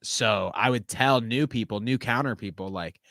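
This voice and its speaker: A man chatting casually as a podcast co-host, telling animated stories with plenty of swearing and laughter. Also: medium pitch, normal speed, creaky, no room sound, clean studio sound.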